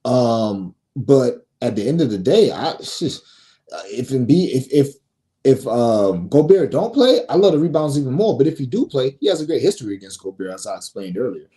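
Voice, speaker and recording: A man's voice: medium pitch, sing-song, moderate pace, warm tone. A man hosting a sports betting show, reading picks in a brash, profane, casual way and scolding his viewers.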